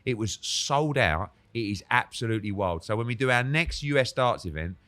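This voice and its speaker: A British man, a boxing promoter, telling lively sarcastic stories in a casual podcast interview and acting out the quotes. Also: medium pitch, moderate pace. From England. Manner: animated storyteller, acts out quotes, sarcastic.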